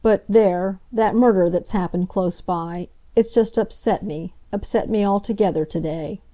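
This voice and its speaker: A woman's voice: mid-range voice, unhurried, dark tone, lightly acted. A woman voicing a nervous middle-aged landlady who speaks in a flustered, colloquial way.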